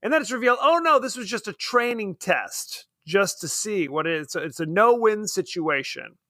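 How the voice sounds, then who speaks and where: A man's voice: high-pitched, lively intonation, moderate pace, sharp tone, dry recording, clean studio sound. A man co-hosting a podcast, chatting casually about a film with a sarcastic, joking manner and frequent laughs. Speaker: podcast co-host. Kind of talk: casual film review chat.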